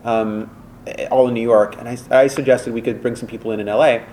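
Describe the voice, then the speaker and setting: An animated man rambles through studio anecdotes as a podcast guest, his voice sitting at an ordinary middle pitch. He piles up fillers and restarts, and a light hiss of noise sits under the recording. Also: brisk. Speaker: voice director and voice actor guest. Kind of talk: casual podcast interview storytelling.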